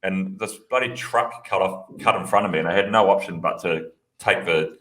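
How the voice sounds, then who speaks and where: A laid-back man with a fairly low voice who keeps the podcast chat moving. He sounds relaxed and chatty and is easily amused. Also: normal speed. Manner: laid-back, drives the show along. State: training with a broken wrist. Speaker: podcast co-host. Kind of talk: casual chat.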